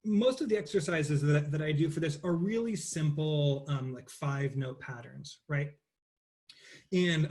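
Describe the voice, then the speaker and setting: In an interactive voice lecture, a male teacher with a slightly high voice sings cooing warm-up patterns. He covers vocal acoustics in a casual way full of fillers and restarts.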